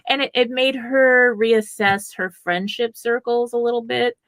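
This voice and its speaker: A woman's voice: a little high, fairly even intonation, unhurried, no echo. A woman hosting an interview show who talks with her guest in an affirming, supportive way and often murmurs agreement. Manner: affirming, talkative and supportive, with frequent agreeing backchannels. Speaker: show host. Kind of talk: interview conversation.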